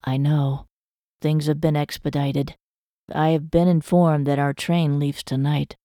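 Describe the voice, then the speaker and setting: A woman reading an audiobook voices a young soldier, speaking softly and slowly to reassure. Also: low voice, flat delivery, no echo, studio quality. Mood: tender. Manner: soft, slow, reassuring. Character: gentle young soldier, calm and tender. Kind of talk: audiobook character voice.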